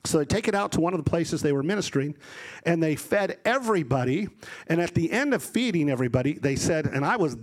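A middle-aged man preaching a sermon, animated and rising to loud emphasis, acting out voices as he tells stories. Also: on the high side, fast.

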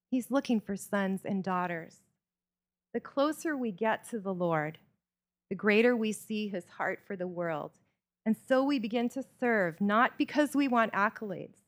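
A woman preaching a sermon in a church, telling stories with earnest, varied emphasis. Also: medium pitch.

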